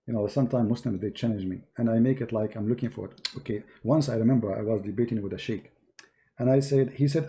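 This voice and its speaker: A man's voice: mid-range voice, fast, mellow. A man hosting a confrontational live debate, boastful and sarcastic. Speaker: debate streamer.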